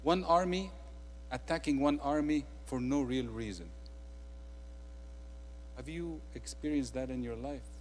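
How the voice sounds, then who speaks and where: A man with an Egyptian accent preaching a sermon, swinging between quiet, intimate asides and loud, emphatic declarations. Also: medium pitch, unhurried, long pauses, in a large hall, a little hiss or hum.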